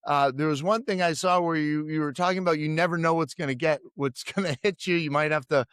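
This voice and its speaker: A middle-aged man from the United States hosting a casual podcast interview, chatty and quick to laugh. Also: a little high, fairly even intonation, fairly bright tone, smooth, no echo, studio quality. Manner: chatty, laughs easily, stumbles over apologies. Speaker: podcast host.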